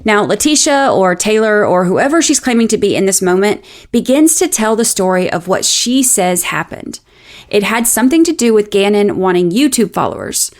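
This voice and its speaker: A woman hosting a true-crime show, narrating a scripted account in a measured, explanatory way with a lightly sardonic edge. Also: mid-range voice. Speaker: podcast host.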